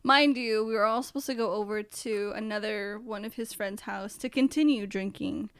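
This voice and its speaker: A young woman, a podcast guest, telling lively, profane stories in casual chat and acting out her own past lines. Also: mid-range voice, moderate pace, clear, resonant tone, no echo. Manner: animated, swearing storyteller who acts out her own past lines.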